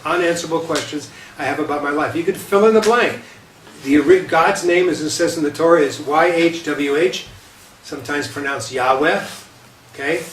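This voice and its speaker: Distant, echoey man giving a talk. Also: on the high side. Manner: conversational, often checks in with "okay?" and repeats himself. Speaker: rabbi. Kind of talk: lecture with light humor. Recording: roomy echo, distant mic, faint hiss.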